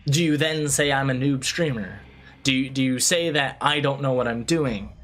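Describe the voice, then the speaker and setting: A man streaming a video game, ranting in a loose, animated way, swearing freely and often restarting his sentences. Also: medium pitch, moderate pace, soft background music. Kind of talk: casual livestream chat over gameplay.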